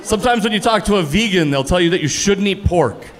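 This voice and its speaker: A man in his thirties performing a stand-up comedy set on a club stage, with a punchy, animated delivery that jumps up on the punchlines. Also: high voice, fast talker, a crowd in the background. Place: comedy club stage before a laughing audience.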